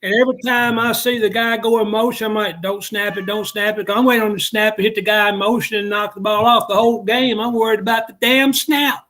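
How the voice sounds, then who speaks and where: A man complaining in an exasperated, rapid-fire way as a sports talk co-host. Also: high-pitched, steady tone, pushed and bright, poor audio.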